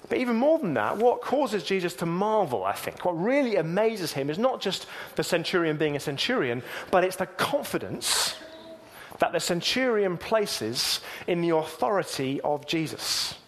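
A man preaching a sermon, reading scripture aloud and then explaining it in a measured way. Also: high-pitched, big pitch swings.

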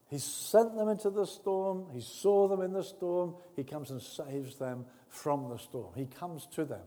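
A man with a high voice preaches earnestly, his words ringing out with a long reverb in a large hall. He moves between hushed, close tones and loud, emphatic bursts. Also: expressive, measured pace. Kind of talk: sermon.

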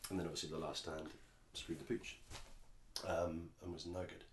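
A man's voice: low voice, little pitch movement, moderate pace, echoey room, a little hiss or hum. An English man co-hosting a podcast, chatting casually and rambling with frequent restarts. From England. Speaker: podcast co-host. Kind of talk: casual chat.

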